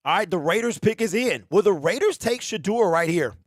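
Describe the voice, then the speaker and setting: A man hosting a casual fan livestream, animated and slangy, talking straight to his chat. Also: high-pitched, fairly quick, no echo, clean studio sound. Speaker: livestream host.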